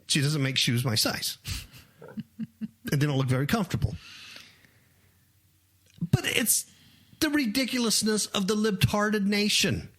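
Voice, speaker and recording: A man's voice: sits high, expressive, measured pace, pauses often, a bit bright. A man co-hosting a talk radio show, ranting animatedly with frequent laughs. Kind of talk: opinionated talk radio chat.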